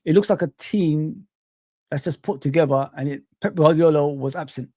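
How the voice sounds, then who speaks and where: A man hosting a casual livestream, chatting lively and reading out and greeting his chat. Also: a little high, moderate pace, dry recording, clean studio sound. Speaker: livestream host.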